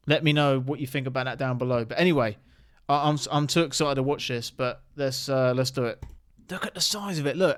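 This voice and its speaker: A man hosting a reaction video, talking excitedly with rhetorical questions and stumbling restarts. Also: on the high side. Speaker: host reacting to viral clips.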